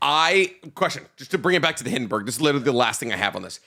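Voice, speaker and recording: A young man co-hosting a podcast, chatting casually with animated laughter, swearing and rambling explanations. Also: mid-range voice, very fast, vocal fry. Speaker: podcast co-host. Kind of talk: casual chat.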